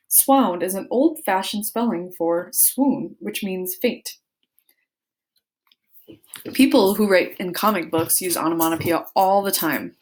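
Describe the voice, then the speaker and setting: A woman's voice: lowish voice, unhurried, darkish tone. A woman reading a children's book aloud, playfully acting out the sound words. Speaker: book reader.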